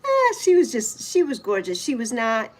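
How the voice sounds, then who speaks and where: Woman in her sixties, livestream host, relaxed and chatty, a bit higher voice, talks straight to viewers. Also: moderate pace. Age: 60s. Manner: chatty, reads out and answers viewer comments; fond, reminiscing. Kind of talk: casual livestream chat.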